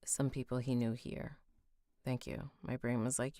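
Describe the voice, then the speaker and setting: A woman's voice: rumbling low, flat delivery, unhurried, dark tone, no room sound, studio quality. A woman narrating a fantasy audiobook, stopping to fix slips and rereading lines.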